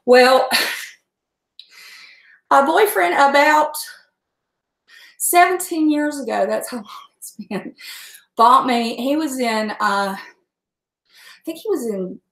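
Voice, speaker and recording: A high-voiced, middle-aged woman with a drawl, talking casually and saltily as she hosts a livestream from her kitchen. She laughs often and swears freely. The sound bounces around an echoey room. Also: fairly bright tone. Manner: chatty, salty, laughs often. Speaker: host. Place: home kitchen.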